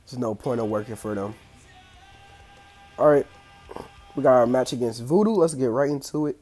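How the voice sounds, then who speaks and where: Young man, excitable slangy gameplay commentary, congested throat, trash talk. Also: medium pitch, moderate pace, soft background music. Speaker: gaming channel host.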